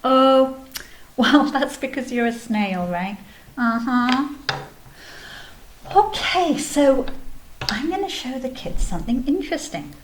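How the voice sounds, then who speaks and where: A woman teaching a kindergarten video lesson, explaining patiently in a gentle, sing-song way. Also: high voice, animated, slow, pauses often, slight background noise. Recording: echoey room, faint background ambience.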